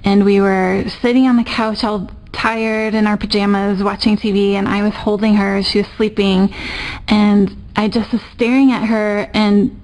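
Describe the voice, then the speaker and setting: A woman's voice: mid-range voice, level tone, normal speed, darkish tone, poor audio. A woman telling a tender personal story about her newborn, with a tearful, heartfelt manner. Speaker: interviewee, parent. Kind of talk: emotional personal recollection.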